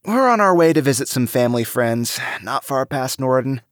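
A cheerful young charmer with a lively, lifted voice, as a male narrator puts him on. He sounds friendly and eager, with a swinging melody, recorded close and dry. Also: mid-range voice, normal speed, dry recording, voice pushed up, close to an everyday voice.

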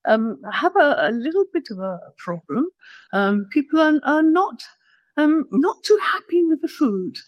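A woman's voice: sits high, sing-song, a little slow, dry recording, muffled recording, voice pushed up. A woman voicing a timid man praying in a hesitant, over-polite voice. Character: man putting on a timid, overly polite prayer voice.

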